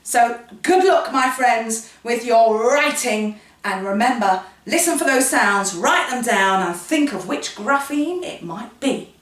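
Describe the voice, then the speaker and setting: Speaking slowly in a fairly high voice, a woman leads a playful phonics lesson, animatedly turning the letters' sounds into stories for young learners. The room is echoey and her voice lands somewhat off-mic.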